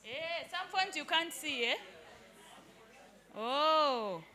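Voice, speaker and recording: A woman's voice: high voice, animated, very slow, bright, forceful tone. A woman teaching a live hands-on workshop in an indoor training room, keeps checking that the group follows. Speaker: digital skills trainer.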